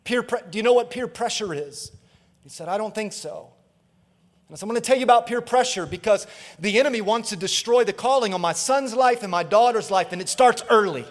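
A male pastor preaching in a church auditorium, his high voice carrying a long reverb tail through the hall. He talks emphatically, calls out to the congregation for agreement, and acts out quoted voices in his stories. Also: fast. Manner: emphatic preaching with call-and-response asides. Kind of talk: sermon.

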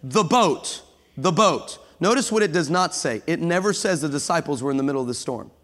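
A man preaching a sermon to a congregation, lively and humorous, building up to shouting passages. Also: fairly high pitch, fairly quick. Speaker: guest preacher. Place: church sanctuary with congregation. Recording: long hall reverb.

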